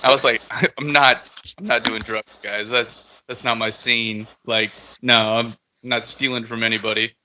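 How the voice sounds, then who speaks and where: A man's voice: mid-range voice, flat delivery, measured pace, few pauses, pushed and bright, a little hiss or hum. A man casually telling a long story on a podcast, laid-back and swearing a lot.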